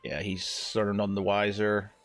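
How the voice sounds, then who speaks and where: A man's voice: lowish voice, flat delivery, normal speed, music in the background. A man acting as game master, narrating casually with lots of fillers and restarts. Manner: rambling, filler-heavy, self-correcting.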